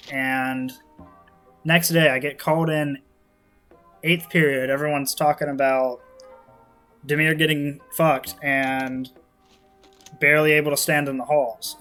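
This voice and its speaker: A man's voice: on the high side, fairly bright tone. A young man in his late teens, rambling through a personal story to camera, swearing a lot and filling gaps with "kinda like.". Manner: rambling, profane, lots of "kinda like" and fillers. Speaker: vlogger.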